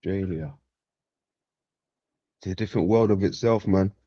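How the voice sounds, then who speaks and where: A man's voice: deep voice, moderate pace, dry recording. Laid-back teasing man, dull dry audio. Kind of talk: casual livestream chat.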